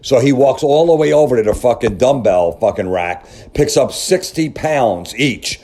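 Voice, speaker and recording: A man's voice: medium pitch, expressive, moderate pace, warm tone. A man tearing apart a story in a sarcastic, profane comedic rant, full of incredulous questions. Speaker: comedy commentator.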